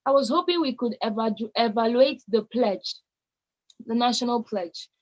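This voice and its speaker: A woman's voice: a little high, normal speed, lo-fi sound. A Nigerian woman in her late teens giving an emphatic, repetitive motivational speech to young people. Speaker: youth speaker.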